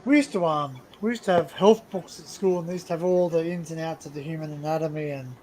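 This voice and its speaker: A man's voice: on the high side, fast talker, darkish tone, a little hiss or hum. A man in a casual livestream chat, bantering with laughter and swearing.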